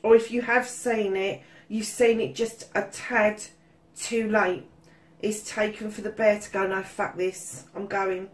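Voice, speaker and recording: A woman's voice: mid-range voice, steady tone, unhurried. A woman giving a casual tarot reading, swearing freely and calling listeners darling. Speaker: tarot reader.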